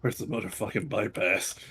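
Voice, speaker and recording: A man's voice: on the low side, very animated, normal speed, vocal fry, a bit bright, slight background noise. A man chatting casually while gaming, blunt and full of swearing. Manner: blunt and heavily profane. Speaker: co-player. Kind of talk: casual chat while playing.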